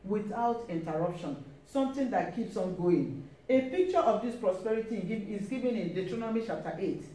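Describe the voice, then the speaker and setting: A woman with a mellow, medium-pitched voice preaches a sermon briskly and with lively intonation, emphatically repeating key phrases and often calling out praise. The church hall sounds echoey, picked up by a distant mic with faint hiss.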